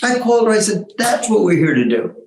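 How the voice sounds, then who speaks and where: Older male exec guest, higher voice, animated storyteller who laughs at his own jokes; echoey room. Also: quick pace. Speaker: guest, former tech executive. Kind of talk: storytelling interview, lively anecdotes.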